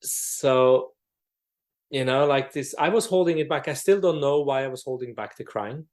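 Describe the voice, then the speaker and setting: A man's voice: medium pitch, moderate pace. Male host, thoughtful, hunts for words. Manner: thoughtful, searches for words, laughs softly. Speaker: podcast host. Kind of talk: casual conversation.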